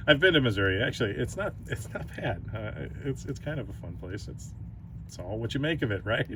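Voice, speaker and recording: A man's voice: mid-range voice, lively intonation, normal speed, fairly bright tone, slight background noise. A man hosting his own toy review channel, talking casually, giggling often and restarting his sentences.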